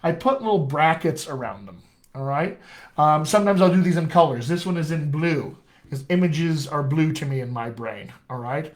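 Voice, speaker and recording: A man with a General American accent teaches a live session as a dialect coach, his voice sitting a little higher than most men's. He explains off the cuff and keeps checking in with his listeners. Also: expressive, moderate pace. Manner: extemporaneous, explanatory, frequent "all right?" check-ins.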